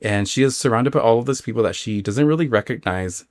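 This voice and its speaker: A man's voice: medium pitch, fast talker, no room sound, studio quality. A man hosting a spooky podcast, casually retelling a listener's dream story with rambling asides and many fillers. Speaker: podcast host.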